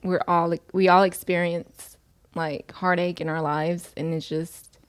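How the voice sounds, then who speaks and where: Woman co-host, lower voice, soft, reflective, hesitant. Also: little pitch movement, a little slow, smooth. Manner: soft-spoken, thoughtful, hesitant. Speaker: podcast co-host. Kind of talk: casual faith-based chat.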